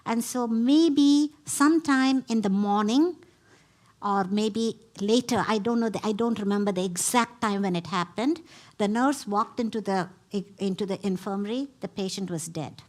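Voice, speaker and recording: A woman's voice: mid-range voice, normal speed, darkish tone. A middle-aged woman giving a talk, retelling a story emphatically with quoted dialogue. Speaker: speaker at a spiritual center.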